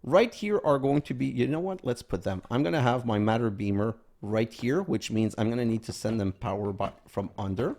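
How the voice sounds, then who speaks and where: A man's voice: medium pitch, expressive, a little fast, vocal fry, few pauses, darkish tone. A man hosting a gaming video, casually commenting as he plays and thinking aloud, sometimes counting items under his breath.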